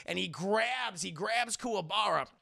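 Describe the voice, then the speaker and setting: Young man, streamer, animated profane recap, high voice, bright tense tone. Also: unhurried, gravelly. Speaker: streamer, anime reviewer. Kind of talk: casual recap to live chat.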